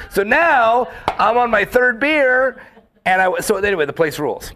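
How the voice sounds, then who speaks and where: A man in casual chat, telling rambling, animated stories full of fillers and acting out quoted lines. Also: high-pitched, moderate pace, background noise. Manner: acts out quoted lines in the story.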